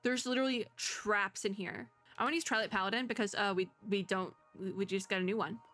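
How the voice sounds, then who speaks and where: A young woman streaming a game, thinking out loud in a chatty way and reading the dialogue aloud. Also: medium pitch, steady tone, fast, faint music behind. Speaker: VTuber gamer. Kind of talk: casual gameplay commentary.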